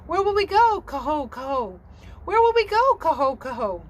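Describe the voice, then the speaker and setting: Woman playing chanting baby swans, high, sing-song, eager. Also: very animated, moderate pace, slight background noise. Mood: excited. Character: chorus of excited baby swans, young, chanting.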